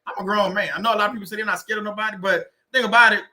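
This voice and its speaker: A man's voice: sits high, fairly even intonation, rapid-fire, pushed and bright. A man hosting a casual livestream, laughing often and reading viewers' comments aloud. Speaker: livestream host.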